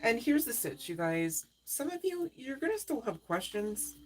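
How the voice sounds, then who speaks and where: A woman's voice: a little high, big pitch swings, normal speed. A woman doing a live-stream tarot reading, talking straight to viewers in a chatty way, often asking "right?" and laughing. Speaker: tarot reader.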